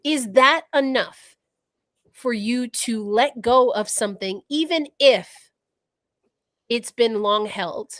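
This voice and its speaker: Reflective woman thinking out loud. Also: a little high, slow pace, long pauses, no room sound. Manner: thoughtful, thinking out loud with many restarts. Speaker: podcast co-host. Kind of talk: casual livestream discussion.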